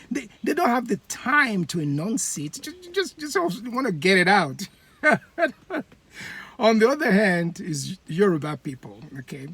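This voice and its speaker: A host from Edo State in Nigeria, speaking, giving a laughing commentary monologue with comic examples and halting fillers. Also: medium pitch, slightly rough, no echo. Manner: animated, laughing, acts out voices.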